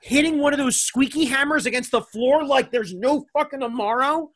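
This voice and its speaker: A man in a casual comedic chat, talking excitedly and rambling, laughing often. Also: very high-pitched, normal speed, dry recording.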